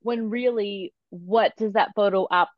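A woman in her thirties, a photographer and coach, talking candidly in an interview, animated and full of filler words. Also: mid-range voice, a little slow, no echo, lo-fi sound. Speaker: podcast guest, photographer and coach.

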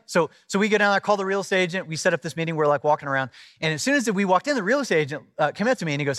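A middle-aged pastor with a higher-leaning voice and a quick pace tells a personal story during a sermon. His delivery is conversational and animated, and he acts out the voices of the people involved. The recording is dry and clean, with studio quality.

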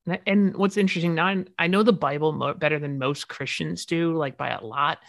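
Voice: mid-range voice, brisk, gravelly, fairly bright tone, no echo, studio quality. A podcast co-host reacting and chatting casually, with supportive comments and trailing restarts. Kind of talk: casual chat.

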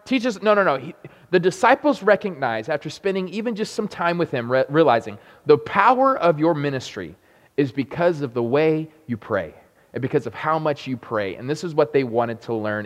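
A young adult man preaching a sermon, telling self-deprecating stories with quick asides. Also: on the high side, expressive. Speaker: pastor. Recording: long hall reverb.

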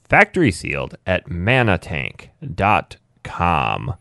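Lively, low-voiced male podcast host. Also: takes it slowly, vocal fry, no room sound, studio quality. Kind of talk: casual chat.

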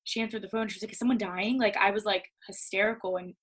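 A woman's voice: medium pitch, fast, husky, rough recording. A young woman speaking as a podcast guest, talking openly and animatedly and using "like" a lot. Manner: candid, animated, lots of "like". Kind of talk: casual conversation.

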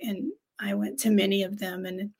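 A woman's voice: mid-range voice, little pitch movement, normal speed, vocal fry, darkish tone, breathy edge. An American woman co-hosting a casual talk show, chatty and bubbly, laughing often and trailing off into fillers. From United States. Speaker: co-host. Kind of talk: casual chat show conversation.

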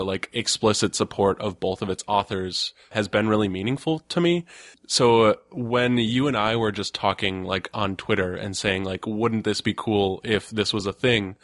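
A man's voice: on the low side, fairly bright tone, no room sound, studio quality. A man who designs tabletop games, talking casually and earnestly, with frequent fillers and restarts. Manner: earnest, lots of fillers and restarts, laughs often. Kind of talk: casual podcast chat.

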